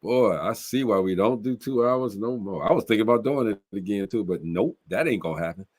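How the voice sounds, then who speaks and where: Man, lowish voice, laid-back joking livestream host, slangy casual banter, video call audio. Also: animated, fairly quick. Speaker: host of a live online telethon stream.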